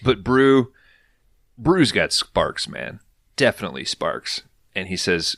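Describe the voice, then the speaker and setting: Deep, animated man recapping a show. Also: unhurried, no room sound, studio quality. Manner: animated storytelling with frequent swearing. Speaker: podcast host recapping an episode. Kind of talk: casual chat.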